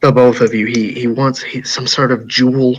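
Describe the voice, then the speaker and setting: A man telling his part of a tabletop game in character, halting and restarting often. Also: mid-range voice, flat delivery, muffled recording. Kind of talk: in-character storytelling.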